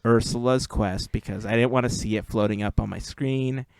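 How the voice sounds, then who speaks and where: A man's voice: medium pitch, fairly even intonation, clean tone, no echo. Chatty podcast host man, dry sound. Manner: chatty, laughs easily, drawn-out storytelling. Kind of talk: casual chat.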